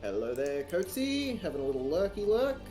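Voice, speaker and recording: A man's voice: sits high, animated, moderate pace, darkish tone. Guy streaming minecraft, teasing chat and his buddy, laughs a lot, faint music behind. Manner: playful, teasing, laughs often. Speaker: game streamer. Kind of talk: casual live-stream chat.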